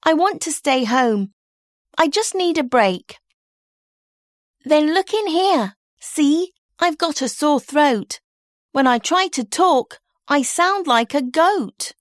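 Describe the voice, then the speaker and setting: Woman doing a high, whining little girl, pleads and complains, sing-song story-poem read. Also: lively intonation, slow pace, no room sound, clean studio sound. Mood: whiny pleading. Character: whiny sick twelve-year-old girl.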